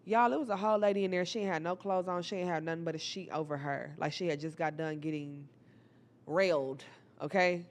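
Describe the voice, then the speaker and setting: Young woman vlogger spilling a story, swears a lot, keeps hyping up her viewers, super animated. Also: lowish voice, brisk, slight background noise. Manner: animated, profane, talks straight to viewers. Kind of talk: casual storytime.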